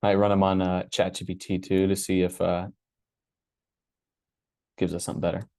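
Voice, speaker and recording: Low, dark-voiced man thinking aloud. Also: moderate pace, vocal fry, dry recording, clean studio sound. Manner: relaxed, thinking aloud with many fillers. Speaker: workshop host. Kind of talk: casual screen-share walkthrough.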